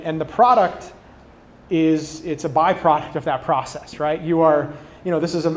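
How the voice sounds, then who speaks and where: A man giving a casual conference talk on product design, speaking off the cuff with many fillers and restarts, and acting out quoted customers in lively voices. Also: on the high side, slight background noise. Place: conference stage.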